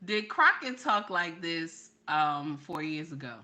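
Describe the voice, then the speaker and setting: Woman host, bright and forceful tone, emphatic, repetitive reaction commentary. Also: low-pitched, lively intonation, slow. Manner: emphatic, repeats "okay?" to drive points home; talks to her chat directly.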